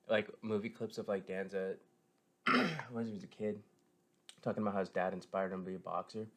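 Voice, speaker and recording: A man giving a casual, rambling spoken review, full of fillers, restarts and self-corrections, with a keen fan's tone. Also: fairly low pitch. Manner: meandering, filler-heavy, frequent self-corrections; enthusiastic fan tone. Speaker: show reviewer.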